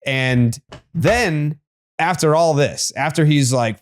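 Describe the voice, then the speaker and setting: A man's voice: a little high, slow. A man co-hosting a sports podcast, talking casually and swearing freely. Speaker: podcast co-host.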